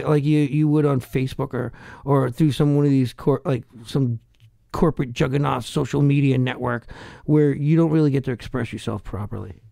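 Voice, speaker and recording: A man's voice: fairly high pitch, gravelly, warm tone, no echo, studio quality. A middle-aged man with a Boston accent, a podcast guest ranting in profane, heated, rambling bursts. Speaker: podcast guest, hardcore musician. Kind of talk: ranting casual chat.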